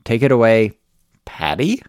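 A man's voice: medium pitch, big pitch swings, a little slow, a little mellow, smooth, dry recording. A man hosting a football podcast, dry and teasing as he links segments. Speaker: podcast host.

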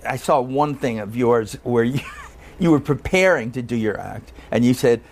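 American man, mid-pitched, interview host, film critic, probing questions, chatty, laughs easily. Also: normal speed. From USA. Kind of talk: conversational interview.

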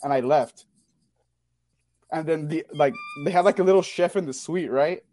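A young man, telling a rowdy story on a talk show, swearing freely and talking fast. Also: fairly high pitch. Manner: profane, animated storyteller. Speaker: caller sharing a story. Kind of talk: casual storytelling.

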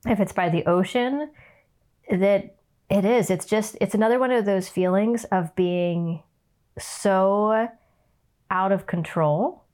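A woman's voice: mid-range voice, slow, a little mellow. A woman co-hosting a casual conversation, talking thoughtfully about her experiences. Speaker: podcast co-host.

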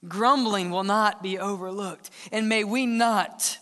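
A man preaching a sermon as the church's pastor, earnest, sometimes dropping to a hushed tone to press a point. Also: sits high, unhurried. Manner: earnest preaching, drops to hushed tones for emphasis. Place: church sanctuary. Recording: long church hall reverb.

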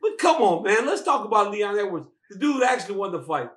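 Very animated and fairly quick, a man speaks in a high, slightly bright voice. He co-hosts a fight talk program over video from his hotel, joking around, teasing, repeating things and laughing plenty, in a room full of echo.

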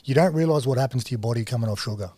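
An Australian man in a relaxed podcast chat, telling stories with plenty of energy and slipping into other people's voices as he goes. His voice sits at a middle pitch, recorded dry and close with no room sound. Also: rapid-fire, husky, dry recording. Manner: animated storyteller, mimics others in dialogue. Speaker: guest. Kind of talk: casual storytelling interview.

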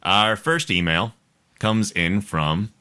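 Deep, bright-voiced male podcast host. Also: animated, slow. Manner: laughs often, stumbles over words while reading aloud. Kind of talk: casual podcast chat and reading a listener email.

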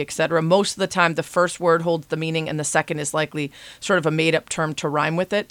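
A woman hosting a podcast, interviewing a guest and explaining word origins in a measured, explanatory way. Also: lowish voice, a bit bright, dry recording. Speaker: podcast host. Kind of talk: interview and scripted word-of-the-week segment.

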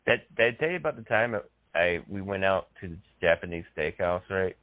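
A man's voice: deep voice, animated, fairly quick, no echo. A man hosting a casual chat, enthusiastic and laughing often. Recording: dry, phone-like sound.

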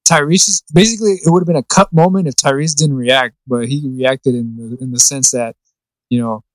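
A man's voice: mid-range voice, fairly even intonation, fairly quick, dry recording, rough recording. A young man co-hosting a podcast in casual chat, swearing freely and laughing through the movie lines he quotes. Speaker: podcast co-host.

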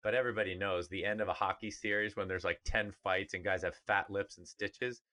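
A middle-aged man talks sports on a podcast, emphatic and animated. His voice sits fairly low but has a bright, forceful edge. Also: brisk. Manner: animated, emphatic, mimics others in funny voices. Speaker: podcast co-host, former pro player. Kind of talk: casual sports talk.

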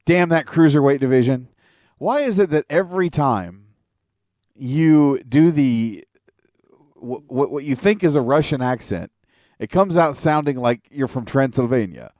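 A man's voice: medium pitch, expressive, measured pace, a little mellow. A man with an ordinary mid-range voice talks wrestling in casual chat, blunt and joking with a few curses along the way. The recording is dry and close, with no echo. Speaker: podcast co-host.

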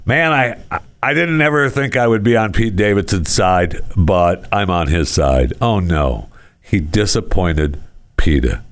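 A man's voice: low-pitched, lively intonation, a little slow. A man hosting a casual talk show, rambling through odd news stories with sarcastic asides and frequent chuckles. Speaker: podcast host.

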